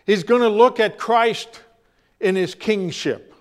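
A man preaching a sermon, telling stories and repeating phrases for emphasis, shifting between loud and hushed delivery. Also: sits high. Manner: dramatic storytelling with pauses, acts out quoted voices.

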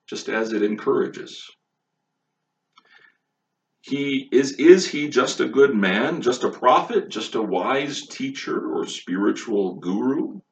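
A man preaching a sermon, emphatic and full of rhetorical questions, recorded on a distant mic with a dull, lo-fi sound. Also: medium pitch. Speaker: pastor.

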